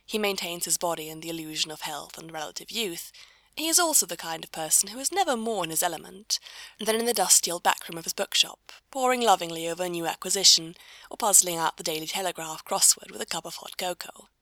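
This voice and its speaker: Gravelly-voiced woman reading a story. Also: lowish voice, lively intonation, fast talker, sharp tone, no room sound. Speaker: narrator.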